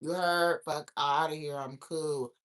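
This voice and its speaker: A young woman hosting her own show, chatting casually and reacting to viewer comments, brash and profane, breaking into loud laughter. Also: deep voice, steady tone, a little slow. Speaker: host.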